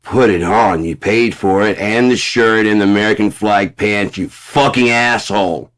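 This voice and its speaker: Fifty-something man, low and gruff, rambling foul-mouthed vlog rant. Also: normal speed. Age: 50s. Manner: heavy swearing, rambling, mutters low then flares up loud. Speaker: vlogger. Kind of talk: casual profane rant.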